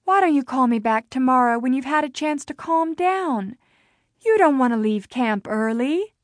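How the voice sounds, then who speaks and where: A woman reading an audiobook voices a mother who is a therapist, speaking in a measured, soothing professional manner. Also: sits high, animated, dry recording, clean studio sound.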